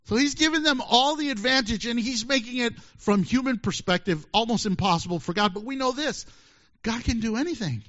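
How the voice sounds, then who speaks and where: Man, pastor, sermon, high voice, animated and jokey, dull lo-fi sound. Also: fairly quick.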